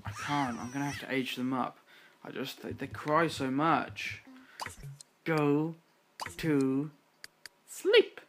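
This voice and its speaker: A young adult gamer talking through a life-sim session, worn out and fed up, telling the characters off and cursing freely. The voice sits at a middling pitch and drops from sharp, loud scolding to low, weary grumbles, over a faint hiss. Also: normal speed. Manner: exasperated, scolding game characters, swearing; jumps between loud outbursts and tired mutters. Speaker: gaming channel host. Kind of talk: casual let's-play commentary.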